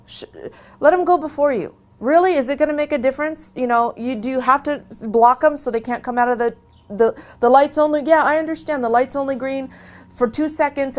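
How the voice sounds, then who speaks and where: A woman who converted to Islam tells her story in a casual interview, earnest and emphatic, often repeating a phrase for stress. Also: on the high side.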